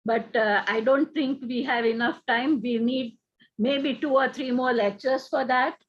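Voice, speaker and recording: A polite woman moderating a seminar, her voice fairly high and slightly hesitant. The recording sounds dull and lo-fi. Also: steady tone, a little slow. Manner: polite, hesitant with many fillers.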